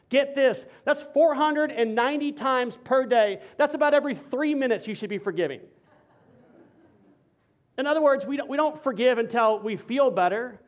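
A male pastor preaching a sermon to his congregation, conversational and energetic, shifting into a soft, earnest intensity. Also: very high voice, muffled recording.

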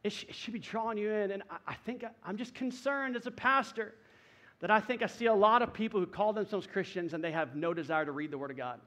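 A man's voice: sits high, fast, a bit bright. A male pastor, preaching a sermon in a conversational way with folksy asides to his church.

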